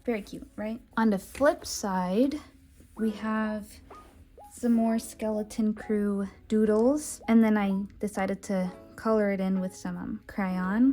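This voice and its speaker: A woman's voice: medium pitch, darkish tone. A woman casually narrating a tour of her sketchbook, chatty and rambling with many fillers and restarts. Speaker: artist showing her sketchbook. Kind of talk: casual voice-over commentary. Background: faint background music.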